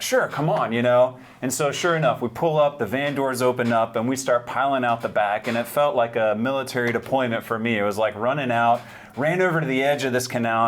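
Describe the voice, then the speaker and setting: A man telling a personal faith testimony, earnest and vivid, going hushed and quiet at the moving parts. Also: medium pitch. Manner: earnest, hushed when moved, vivid retelling. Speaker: speaker sharing a testimony.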